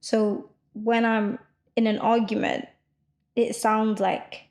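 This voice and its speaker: A young woman co-hosting a podcast, talking loudly and quickly in a rambling casual chat full of fillers. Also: on the high side, level tone. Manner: loud, fast rambling with many fillers. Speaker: podcast co-host.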